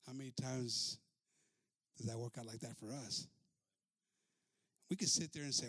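A man preaching a sermon as a story, animated, moving between English and Spanish. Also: medium pitch, normal speed, pauses often, breathy edge, no room sound.

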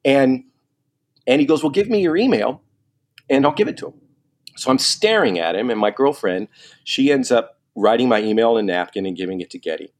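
Animated man telling a story. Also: mid-range voice, brisk. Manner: animated, quotes people in lively asides. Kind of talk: casual storytelling.

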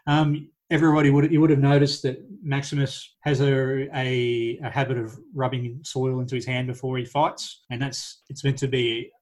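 A young Australian man talks films with a co-host in an easy, chatty manner. His voice sits at an ordinary middle pitch, and he pokes fun at himself as he goes. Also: level tone, moderate pace, hardly any pauses, darkish tone. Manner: laid-back, chatty, self-mocking. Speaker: podcast co-host. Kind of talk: casual film-review chat.

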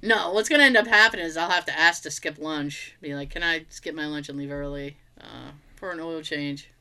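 With a low, clean-toned voice and a slightly fast pace, a woman shares an everyday story in casual chat. She acts out both sides of the conversation animatedly and swears freely.

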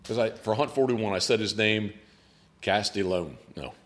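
A man hosts a relaxed podcast, talking in a loose, rambling way with frequent restarts. His voice sits somewhat low. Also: moderate pace, slight background noise. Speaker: podcast host and hunting guide. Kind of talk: casual chat.

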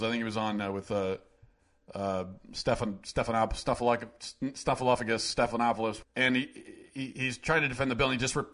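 A man hosting an opinion monologue, sarcastic and indignant, building up to loud rants. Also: medium pitch. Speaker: host.

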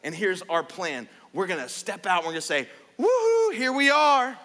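A man's voice: fairly high pitch, brisk, sharp tone, big-room sound. A man voicing a bold young warrior prince who rallies his companion into battle, in a brash, eager way. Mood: rallying.

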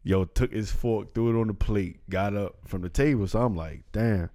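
A man's voice: lowish voice, moderate pace, mellow, no room sound, clean studio sound. A man in casual chat, telling a story in a laid-back, slangy way and often repeating himself.

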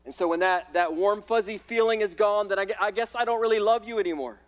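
High-voiced pastor preaching emphatically. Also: male voice, fast. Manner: emphatic, repeats words, says "listen" and "right?" often. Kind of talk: sermon. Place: church in front of a congregation.

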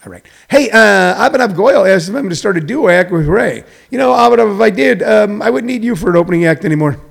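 A middle-aged man hosting a show, delivering a rambling comedic monologue that swings between loud, preachy emphasis and low muttering. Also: expressive, fast, gravelly. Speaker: show host.

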